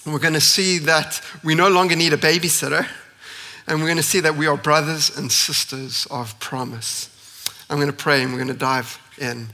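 A man delivers a church sermon with earnest conviction. His voice sits a touch high and rings bright and forceful. He stacks repeated phrases as he builds his point. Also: steady tone, brisk, long reverb tail. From South Africa. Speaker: pastor.

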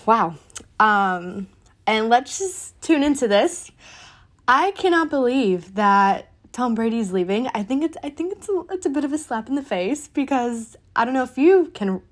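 Young woman on a podcast going off about football, cussing a lot, heated and animated. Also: mid-range voice. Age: young adult. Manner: heated, profane, animated rant. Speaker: podcast host. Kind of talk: casual sports commentary.

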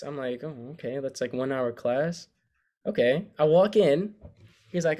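A young man, a student, co-hosting a podcast and telling a story in casual chat, lively and acting out what people said. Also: a little high, a little slow. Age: young adult. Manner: animated storyteller, acts out quotes. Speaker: podcast co-host.

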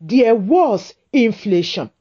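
Slow, lively-pitched woman preaching. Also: highs cut off. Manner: slow, emphatic, repetitive preaching cadence. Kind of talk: sermon.

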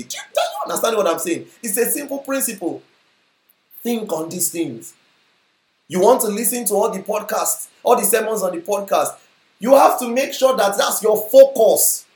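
A preacher with a Nigerian accent giving a live sermon in a meeting hall, emphatic, repeating phrases and putting questions to the crowd. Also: mid-range voice. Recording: roomy hall echo.

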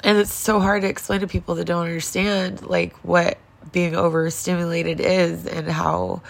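A woman's voice: lowish voice, little pitch movement, normal speed, creaky. A woman in her forties in a casual confessional vlog, upset and near tears, talking in a raw, rambling way with lots of swearing. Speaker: vlogger.

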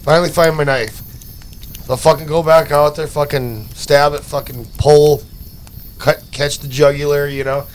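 A man's voice: a little high, little pitch movement, normal speed, a little hiss or hum. A man telling a rambling, profane story in casual chat, stacking fillers as he goes. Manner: rambling and profane, full of "like" and "you know".

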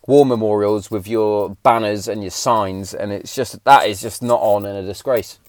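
A man in his thirties ranting on a podcast, blunt and full of swearing. His pitch sits in a middling range, and he gets heated as he talks. The sound is dry and close, with no room echo. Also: darkish tone. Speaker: podcast host. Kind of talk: casual podcast rant.

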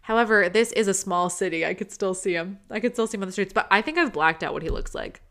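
A young woman co-hosting a casual podcast, telling a dating story in an animated way and quoting herself with dramatic disgust. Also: medium pitch, fast talker. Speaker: podcast co-host. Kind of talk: casual chat.

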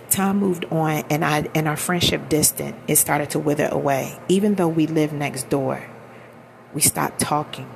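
A woman in her thirties speaks low, with a gravelly fry running through her words. She tells her own story candidly and emphatically, in loose everyday speech, with a faint hiss behind her. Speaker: vlogger. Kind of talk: personal storytelling.

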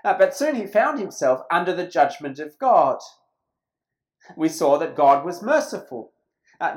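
A preacher delivering a sermon in a church, emphatic and slowing down on key phrases. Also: mid-range voice, poor audio.

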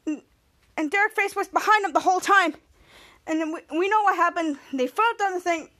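A woman hosting a podcast, casually recapping a TV episode in a halting way with frequent restarts. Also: very high voice, sharp tone, no room sound. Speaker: podcast host.

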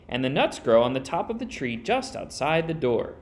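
A man voicing a clever, quick-witted eldest girl who calls out in a high, bright voice. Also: sing-song. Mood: wary.

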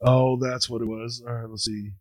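A man's voice: medium pitch, flat delivery, normal speed, very noisy. A man hosting a casual online chat show, rambling and chuckling as he talks. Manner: laid-back, chuckling, rambling. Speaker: podcast host.

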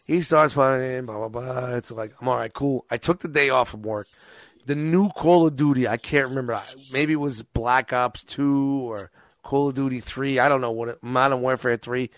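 A man's voice: mid-range voice, moderate pace, dry recording. A man casually telling a rambling, profane story and acting out quotes along the way.

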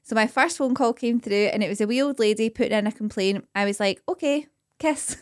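A woman's voice: mid-range voice, fast talker, no room sound, clean studio sound. A young Scottish woman co-hosting a podcast, telling stories in casual chat, laughing often and mimicking voices. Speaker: podcast co-host.

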